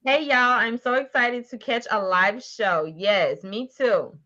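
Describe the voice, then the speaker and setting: A woman's voice: on the high side, animated, unhurried, pushed and bright, muffled recording. A woman hosting a casual livestream, reading viewer comments aloud with frequent laughter and terms like honey and baby. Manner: laughs often, calls people honey and baby. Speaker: livestream host.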